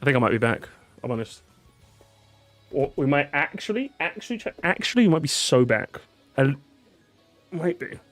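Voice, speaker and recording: A man's voice: on the high side, big pitch swings, normal speed, long pauses, fairly bright tone, dry recording, soft background music. A tired man chatting casually on a live stream, repeating words, swearing and reacting to his chat.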